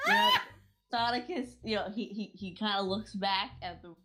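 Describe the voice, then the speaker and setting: A woman's voice: medium pitch, huge pitch swings, normal speed, a bit bright, soft background music. A woman playing in a tabletop game, joking around and giggling. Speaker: player.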